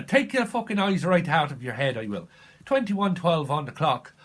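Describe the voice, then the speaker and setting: A man voicing a menacing, defiant male street gangster who swears and threatens in clipped slang, with a husky voice. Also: on the high side, sing-song, normal speed, fairly bright tone, voice pushed up.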